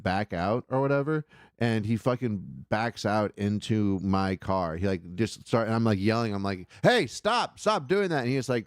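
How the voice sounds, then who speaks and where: A man's voice: on the low side, a little mellow, clear, resonant tone, no echo, studio quality. A man telling a rambling, profane story in casual chat on a comedy call-in podcast.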